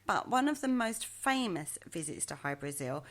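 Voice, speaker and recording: A woman's voice: on the low side, very animated, moderate pace, a bit bright. A woman co-hosting a podcast, telling a legend in a chatty, hesitant way and poking fun at her own pronunciation. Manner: hesitant, chatty, self-mocking. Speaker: podcast co-host. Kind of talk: casual storytelling chat.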